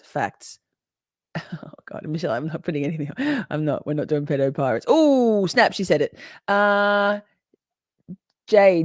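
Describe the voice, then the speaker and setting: A woman's voice: fairly low pitch, no room sound, studio quality. A woman hosting a casual live stream, reading viewers' comments aloud, swearing freely and laughing often. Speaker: livestream host reading chat.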